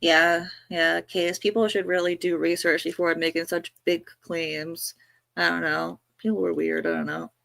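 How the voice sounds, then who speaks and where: A woman's voice: on the low side, level tone, normal speed, creaky, a bit bright, no echo, clean studio sound. A woman from New York co-hosting a livestream, chatting casually and gossiping with lots of fillers. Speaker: livestream co-host.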